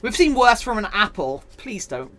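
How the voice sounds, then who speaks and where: A woman's voice: mid-range voice, sing-song, moderate pace, fairly bright tone, soft background music. A British woman streaming live, chatting playfully and mock-dramatically with her viewers while she crafts.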